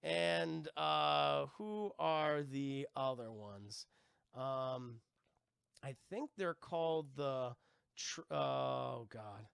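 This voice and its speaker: A man's voice: mid-range voice, extremely slow, creaky, a bit bright, clear, resonant tone, no echo, clean studio sound. A man giving a rambling, casual scene-by-scene recap of a cartoon on a live stream, full of "like" and "you know" and swearing. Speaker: cartoon reviewer streaming to chat.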